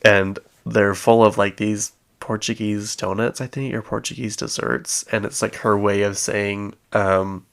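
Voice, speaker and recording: Chatty man with a gravelly low voice. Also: level tone, unhurried, hardly any pauses, a bit bright. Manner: chatty, acts out quoted lines, frequent fillers. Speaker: podcast host. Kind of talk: casual gossip recap.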